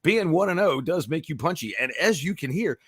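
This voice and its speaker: A man's voice: a little high, lively intonation, a little fast, a crowd in the background. A man hosting a sports podcast in casual chat, his voice worn from cheering, rambling and swearing freely. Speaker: podcast host.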